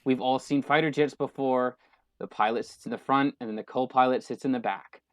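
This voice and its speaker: A young man co-hosting a podcast, ranting in casual chat with an exasperated, halting manner full of fillers and restarts. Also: mid-range voice, steady tone, no echo. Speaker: podcast co-host. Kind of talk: casual movie-rant chat.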